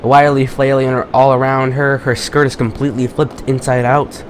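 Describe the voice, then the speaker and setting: A man reading a visual novel aloud with commentary, haltingly, stumbling and restarting on words. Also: mid-range voice, flat delivery, noisy background. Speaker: gaming YouTuber.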